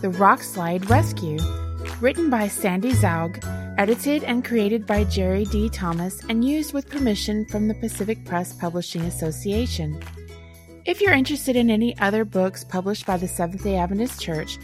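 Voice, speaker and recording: A woman announcer giving the scripted closing credits in an even, formal read. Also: medium pitch, moderate pace, music in the background.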